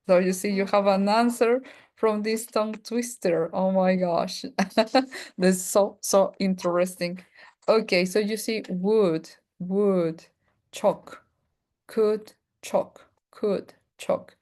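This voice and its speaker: A woman whose first language is Spanish leads an online pronunciation class, stretching words out at a very slow pace. She drills the same word again and again and laughs easily between tries. Her voice sits at an ordinary middle pitch. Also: fairly even intonation, a little mellow. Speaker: English pronunciation teacher.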